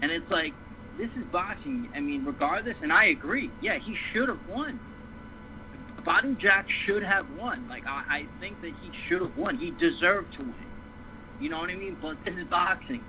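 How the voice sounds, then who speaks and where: A man's voice: high-pitched, sing-song, moderate pace. A man ranting hard about a boxing decision, swearing often and repeating himself as he builds his case. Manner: fired up, profane, repeats himself. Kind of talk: heated boxing rant. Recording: dull lo-fi stream with faint noise.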